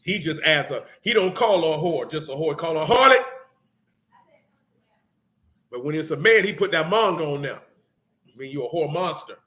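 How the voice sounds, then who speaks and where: A man's voice: a little high, expressive, normal speed, pauses often, sharp tone. A man preaching a blunt, street-talking sermon mixed with scripture reading. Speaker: teacher.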